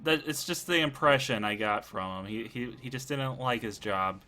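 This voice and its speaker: A fretful freed skeleton, put on by a man running a tabletop game, who stumbles over his words. The voice is bright and clear, and it climbs higher whenever he gets flustered. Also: close to an everyday voice. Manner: awkward, halting, stammering. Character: chatty nervous male skeleton freed from a crypt.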